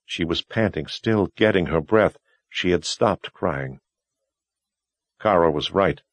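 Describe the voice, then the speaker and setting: A man narrating a novel in a measured, even storytelling manner. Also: low voice, dry recording. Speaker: audiobook narrator. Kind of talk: scripted narration.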